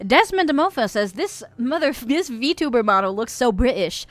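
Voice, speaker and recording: A woman's voice: a little high, lively intonation, normal speed, no echo. An American woman in her twenties or thirties, chatting casually with her stream chat, swearing and laughing often, with a stuffy nose. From United States.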